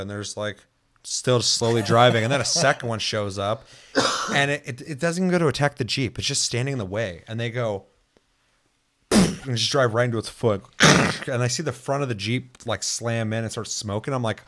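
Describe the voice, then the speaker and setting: Male podcast co-host, lowish voice, dry close sound, profane and animated. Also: no room sound. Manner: profane, animated storytelling with acted-out quotes. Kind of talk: casual chat.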